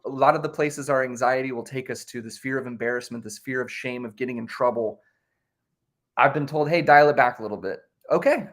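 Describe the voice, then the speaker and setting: Chatty man, relaxed improv guest. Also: medium pitch. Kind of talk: casual conversation.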